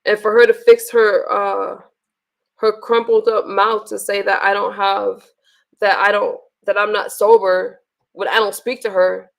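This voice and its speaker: A woman's voice: medium pitch, flat delivery, a little slow, creaky. A woman hosting a casual livestream, venting bluntly with profanity and frequent restarts. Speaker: livestream host.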